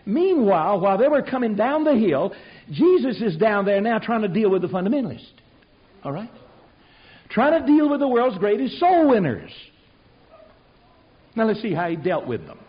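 Animated folksy preacher, lo-fi recording. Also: male voice, sits high, normal speed. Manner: folksy storytelling, swings from loud to hushed. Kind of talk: animated sermon with acted-out voices. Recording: dull lo-fi sermon recording.

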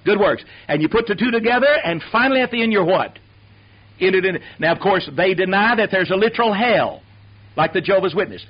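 A man's voice: high voice, expressive, fairly quick, husky. A man preaching a sermon who calls on the congregation to answer him aloud. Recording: dull lo-fi sermon tape.

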